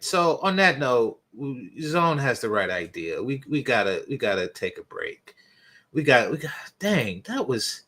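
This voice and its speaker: A man hosting a reaction video from a home setup on a desk mic, blunt and mocking, breaking into loud shocked yelps. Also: medium pitch, sing-song, a little slow. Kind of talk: scornful reaction commentary.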